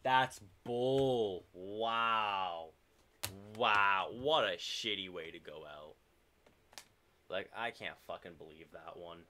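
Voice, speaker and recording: Bright-voiced man ranting while gaming. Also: deep voice, slow, slight background noise. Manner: swears often, loud frustrated outbursts. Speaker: game streamer. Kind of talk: live gameplay commentary.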